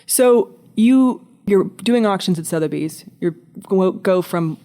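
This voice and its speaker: A woman's voice: mid-range voice, expressive, unhurried, dark tone. A woman hosting an interview podcast, asking questions and reacting eagerly. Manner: eager listener, frequent backchannels. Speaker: podcast host. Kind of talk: conversational interview.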